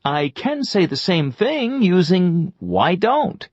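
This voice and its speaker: A man's voice: high-pitched, big pitch swings, takes it slowly, no echo, muffled recording, heavily acted. A man voicing a friendly, sociable cartoon word character who talks in a cheerful, inviting way in an educational cartoon.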